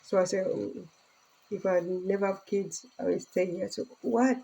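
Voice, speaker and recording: Middle-aged woman from Tanzania, earnest casual vlog to phone, mellow husky tone. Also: mid-range voice, little pitch movement, moderate pace, low-quality recording. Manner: earnest, speaking broken English with laughter. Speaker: vlogger.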